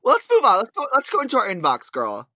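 A man's voice: high-pitched, wildly swooping pitch, fast talker, bright, forceful tone. A man co-hosting a podcast in casual, playful chat, swearing freely and reading listener emails aloud. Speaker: podcast co-host.

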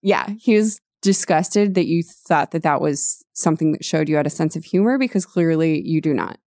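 A woman co-host with a fairly low voice and a sarcastic, animated way of talking. She reads passages aloud and jokes. The sound is dry and close to the mic. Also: normal speed, dry recording. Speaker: podcast co-host. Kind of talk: casual chat, reading book passages aloud.

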